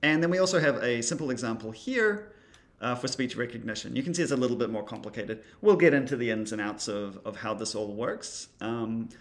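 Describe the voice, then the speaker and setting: A man's voice: mid-range voice, brisk. A man teaching creative coding in a casual screen-recorded tutorial, thinking aloud as he demonstrates, with a wry, dry humor.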